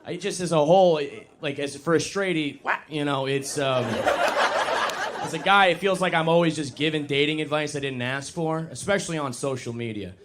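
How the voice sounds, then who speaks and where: A young man performing stand-up comedy on a club stage, talking casually and poking fun at himself, now and then jumping into high mocking voices. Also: normal speed, noisy background. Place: comedy club stage before a live audience.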